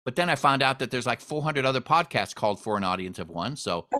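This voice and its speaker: A man hosts a casual podcast chat with a bright, forward voice. He tells stories freely and livens them up by mimicking the people in them. The sound is plain and close. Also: medium pitch, fast. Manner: storytelling, animated when quoting others. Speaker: podcast host.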